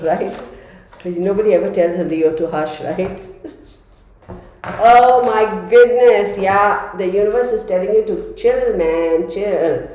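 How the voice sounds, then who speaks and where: In a very echoey room, a woman reads tarot for her viewers at a slow pace, her medium-pitched voice mellow. Her manner is casual and talkative, with lots of laughing along the way.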